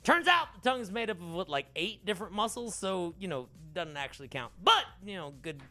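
A young man runs a trivia game with playful banter. His voice sits high and bright. His pitch leaps around as he reads the choices and jokes about the answers. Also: big pitch swings, a little fast. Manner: playful, reads questions then riffs. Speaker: trivia host.

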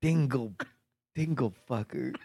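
A man's voice: medium pitch, slow, vocal fry, dark tone, breathy edge, dry recording, clean studio sound. A man on a casual podcast, joking crudely and swearing a lot as a quiz contestant.

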